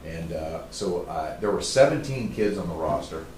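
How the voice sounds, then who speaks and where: A middle-aged man telling stories to a live audience as a trainer, in a casual, animated way. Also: sits low, normal speed, a little hiss or hum. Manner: casual, animated storytelling, says "man" often. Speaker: trainer speaking to a group. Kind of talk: storytelling talk to a live audience. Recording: roomy, distant mic.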